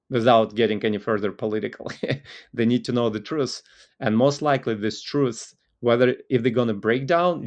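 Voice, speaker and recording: A man's voice: lowish voice, creaky, a little mellow. A man with a Russian accent giving a loose, conversational talk on market analysis as a trading educator, full of "like" fillers.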